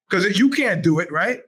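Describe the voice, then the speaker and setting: A male podcast host delivers a loose, rambling monologue, sarcastic and full of profanity. His voice sits high for a man. He often slips into quick put-on voices when he quotes other people. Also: breathy edge. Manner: animated, profane, sarcastic storytelling. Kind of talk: casual monologue.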